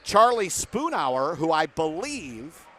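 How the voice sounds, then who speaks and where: A man's voice: fairly high pitch, very animated, takes it slowly, sharp tone. A man doing play-by-play for a basketball game from a broadcast booth, chatting with guests between plays. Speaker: play-by-play announcer.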